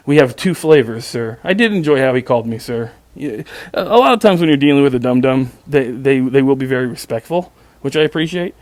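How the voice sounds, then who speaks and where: In a slightly high voice with no echo, a podcast host tells a story on his own show. He sounds sarcastic and exasperated, swears, and repeatedly stumbles into stammering restarts of his sentences in this casual monologue.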